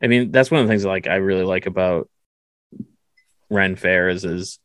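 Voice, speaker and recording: A man's voice: deep voice, moderate pace, a bit bright, dry recording. Dry-sounding jokey male host. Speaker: podcast host. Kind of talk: casual interview talk.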